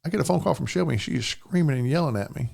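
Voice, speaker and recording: Older guy, gravelly voice, rambling through a family story on a podcast, keeps saying you know what i'm saying. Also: a little high, lively intonation, very fast, a little mellow. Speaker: podcast guest. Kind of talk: telling a personal story in an interview.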